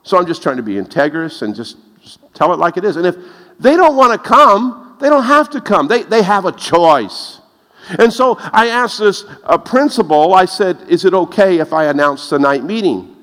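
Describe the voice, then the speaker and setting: A man preaching a lively sermon, telling stories and laughing at his own jokes. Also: normal speed. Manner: animated, laughs at his own jokes, rises in pitch when excited. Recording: long reverb of a large hall.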